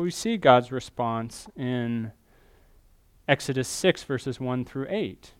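A man's voice: medium pitch, clear, resonant tone, no room sound, clean studio sound. A man giving a sermon, reading scripture aloud and explaining it, lifting his voice on the quoted pleas. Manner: reads scripture with rising emphasis on quoted pleas. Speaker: preacher.

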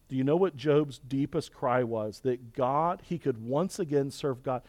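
A man preaching a sermon, swinging from loud, high emphasis to quiet, confiding passages. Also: moderate pace, hardly any pauses, dry recording. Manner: dynamic preaching, climbing loud and high then dropping to soft, intimate confession. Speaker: pastor.

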